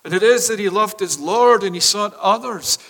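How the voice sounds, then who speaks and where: A man with a high, bright, ringing voice delivers a sermon from a church pulpit. He moves between forceful proclamation and hushed, almost whispered pleading. The sound trails off in the long reverb of a large hall. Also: moderate pace. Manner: swings from loud proclamation to hushed near-whispers. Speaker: preacher.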